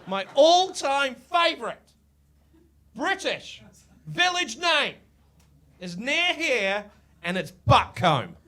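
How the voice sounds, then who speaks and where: A man from New Zealand with a New Zealand accent doing a crude, animated stand-up set in a pub, with loud, shouted punchlines. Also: very high voice, takes it slowly, long pauses. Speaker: stand-up comedian. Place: live show in a village pub.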